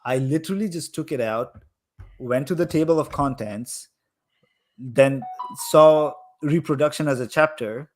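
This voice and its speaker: A young man talks as a guest in a casual live chat. His voice sits a little higher than most men's, and he tells his stories animatedly, with a steady stream of "like" fillers. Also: unhurried, slight background noise. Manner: animated, heavy use of "like" fillers.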